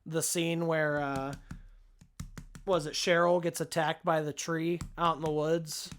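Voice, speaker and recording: A man's voice: fairly high pitch, level tone, a little slow, fairly bright tone, slight background noise. A man co-hosting a podcast, chatting casually about horror films with frequent restarts and fillers. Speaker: podcast co-host. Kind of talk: casual film discussion.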